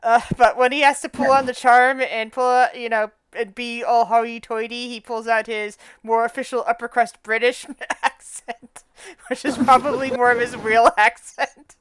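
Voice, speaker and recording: A game master with an Appalachian accent, talking in a chatty, laughing way and tripping over her words. Her voice is smooth and clear and sits a little high. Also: little pitch movement, normal speed, fairly bright tone, no room sound. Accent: Appalachian American. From Appalachia, USA. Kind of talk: running a tabletop game.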